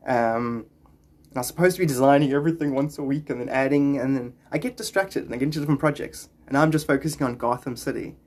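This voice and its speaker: A man's voice: mid-range voice, quick pace, darkish tone. A man chatting on a live stream, reading viewers' comments and rambling into spiritual musings.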